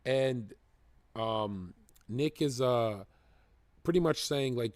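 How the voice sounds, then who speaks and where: A man streaming live, reacting to clips with excitable, profane, joking rants. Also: on the high side, normal speed, creaky, no echo.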